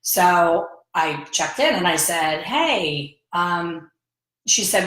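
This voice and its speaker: A woman's voice: on the low side, lively intonation, takes it slowly, fairly bright tone, reverberant, rough recording. A woman in her fifties, a hair color educator, chatting casually and telling stories with quoted dialogue. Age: 50s. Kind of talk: casual vlog chat.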